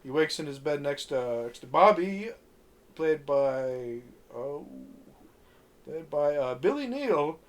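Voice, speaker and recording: A man's voice: a little high, big pitch swings, takes it slowly. A man casually recapping a film on a podcast, rambling with fillers and swearing freely. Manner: rambling, many fillers, acts out quotes. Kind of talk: casual profane podcast chat.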